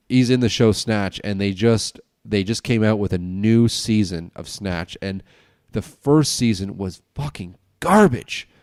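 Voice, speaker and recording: Solo podcast host, male, lowish voice, loose and sweary, stuffed up. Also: darkish tone, clean tone, no echo. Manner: ranting, swearing, tipsy and loose. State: stuffed-up nose. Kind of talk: casual rambling solo podcast.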